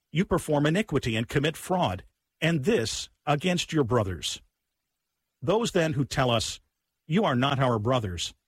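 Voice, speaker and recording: Husky-voiced man reading in a dry room. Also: medium pitch, dry recording. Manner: earnest, measured reading. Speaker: liturgical reader. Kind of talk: reading a patristic text.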